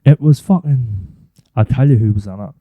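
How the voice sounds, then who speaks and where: A man's voice: medium pitch, moderate pace, mellow, no echo. A young man, telling a rambling school story on a podcast, swearing freely and acting out the people in it. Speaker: podcast co-host. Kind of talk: casual storytelling chat.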